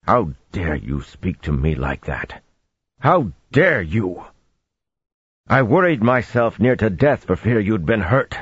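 A man playing a gruff, blunt young husband who talks in an earnest growl, on a dull lo-fi audiobook recording. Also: on the low side, big pitch swings, slow pace, no echo, pitched above the performer's own voice, exaggerated voice. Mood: pleading.

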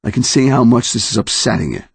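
A man voicing a tired, grieving father who speaks quietly but firmly, in an audiobook. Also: medium pitch, very animated, quick pace, creaky, husky, no echo, pitched above the performer's own voice, exaggerated voice. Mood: weary.

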